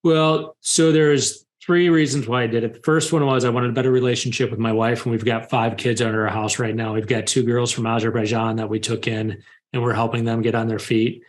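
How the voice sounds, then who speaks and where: A man's voice: mid-range voice, a little fast. Candid man telling his story. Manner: open, confessional, animated when retelling scenes. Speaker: guest.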